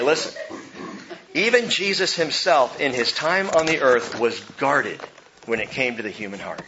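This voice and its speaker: Man, pastor, sermon, fairly high voice, faint background hiss. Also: dull audio. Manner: dramatic, swings from hushed to emphatic.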